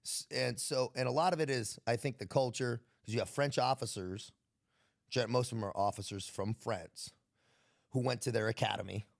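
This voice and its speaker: A man's voice: medium pitch, moderate pace, vocal fry. An American man, a military veteran guest, telling stories in a laid-back, profane way and laughing often. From United States. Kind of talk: casual podcast storytelling.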